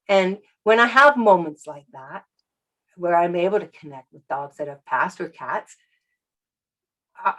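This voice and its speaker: Woman, animal communicator, interview guest, soft reflective storytelling, mid pitch. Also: rough recording.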